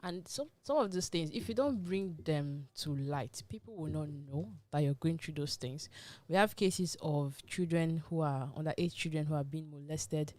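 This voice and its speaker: A woman's voice: low-pitched, normal speed, hardly any pauses, mellow. A woman hosting a radio talk show, giving her opinions in a conversational, emphatic way. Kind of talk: casual panel discussion. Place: radio studio.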